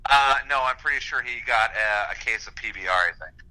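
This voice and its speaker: A man talks over a phone while pacing, his voice very bright and sharp-edged. He rambles through casual chat and laughs easily, with an average pitch. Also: a little fast, low-quality recording.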